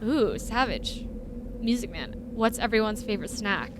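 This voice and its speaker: A woman's voice: fairly high pitch, animated, moderate pace, over music. A young woman streamer giving playful, giggly let's-play commentary while reading game dialogue aloud.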